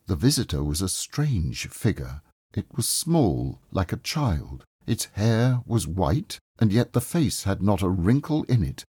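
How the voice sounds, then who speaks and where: A man reading a classic story aloud as storybook narration, in a calm, measured and expressive way. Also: deep voice, breathy edge, no room sound, clean studio sound.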